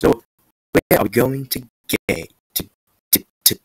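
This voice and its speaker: A man giving rambling, excitable, self-mocking gameplay commentary. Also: mid-range voice, a little slow, no room sound, low-quality recording. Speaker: gamer.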